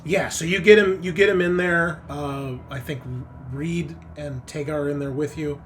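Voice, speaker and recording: A man narrating as game master in a relaxed, filler-heavy way. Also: on the high side, normal speed, a little hiss or hum. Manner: casual, many fillers, laughs often.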